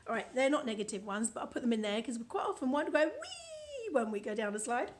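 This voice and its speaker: A woman's voice: fairly high pitch, big pitch swings, fast, slight background noise. A British woman with a chatty, playful manner, casually reading from her own book and adding commentary. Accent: British English. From United Kingdom.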